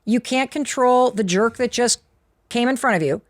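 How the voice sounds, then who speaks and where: A woman's voice: on the high side, moderate pace, no room sound, clean studio sound. A woman appearing as a guest author on a podcast, confidently explaining her idea in a coaching tone. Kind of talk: podcast interview.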